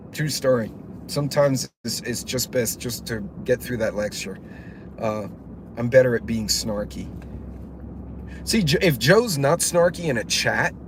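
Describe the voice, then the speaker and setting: A man hosting a livestream, telling rambling stories in casual, profane chat and reading the chat aloud. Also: mid-range voice. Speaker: channel host. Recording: noticeable background noise.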